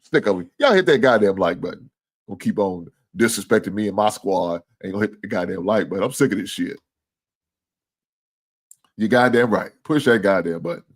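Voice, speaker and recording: A man hosting a casual livestream, talking with viewers and reading their comments, swinging from low mumbles to loud, cursing, exasperated rants. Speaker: livestream sports show host.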